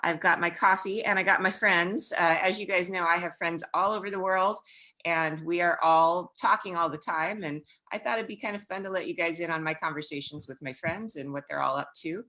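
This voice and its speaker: Bright-voiced woman hosting a casual chat. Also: lowish voice, a little fast. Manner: chatty, upbeat, many fillers. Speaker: host.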